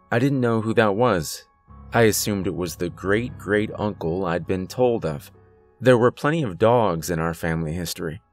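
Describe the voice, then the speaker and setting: A man narrating a horror story in a measured storytelling manner. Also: low voice.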